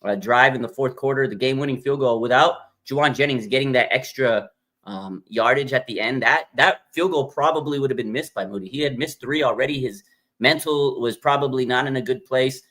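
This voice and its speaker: A man's voice: mid-range voice, brisk. Fired-up man reacting to a football game. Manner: animated, emphatic, repeats himself, frequent fillers. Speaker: fan show host. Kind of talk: live sports reaction talk.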